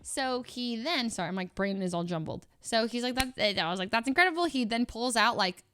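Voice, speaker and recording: A young woman telling a story in a casual, rambling way. She often laughs and acts out the people she quotes in a higher voice. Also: moderate pace, fairly bright tone, slight background noise. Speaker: streamer.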